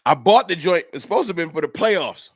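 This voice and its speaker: A man's voice: a little high, animated, fast, husky, dry recording, clean studio sound. A man hosting a casual fan livestream, talking straight to his chat viewers. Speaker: livestream host. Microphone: camera mic.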